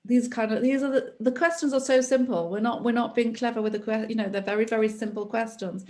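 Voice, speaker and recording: A woman leading a therapy training session, explaining in a slow, repetitive, patient way. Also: fairly high pitch, fairly even intonation, darkish tone.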